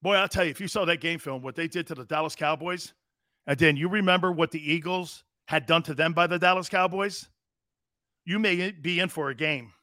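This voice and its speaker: A man's voice: fairly high pitch, brisk, pushed and bright, no room sound, clean studio sound. A man hosting a live sports talk show, ranting in a blunt, profane, repetitive and heated way.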